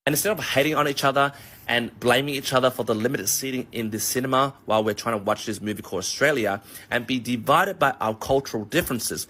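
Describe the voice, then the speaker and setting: A man on a comedic, profane rant, telling a long analogy in an animated way. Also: mid-range voice. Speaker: vlogger.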